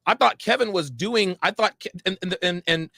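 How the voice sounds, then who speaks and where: Male podcast host, bright, forceful voice, heated monologue recorded dry and close. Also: high voice, moderate pace, gravelly, no echo. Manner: animated, profane, acts out quoted conversations.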